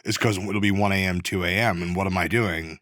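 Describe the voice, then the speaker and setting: A male podcast host asks easy questions and chimes in with quick reactions. His voice is on the low side and recorded dry and close. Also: no echo. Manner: relaxed, chatty, quick reactions. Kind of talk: casual interview.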